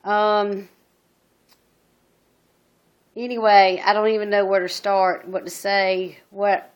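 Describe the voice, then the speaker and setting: A middle-aged woman speaks into her phone in a personal video testimony. Her pitch stays flat and narrow. She talks earnestly and haltingly, stopping often on "um" and restarting her sentences. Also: clear, resonant tone. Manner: halting, many ums and restarts; earnest and emotional. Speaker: single mother telling her story.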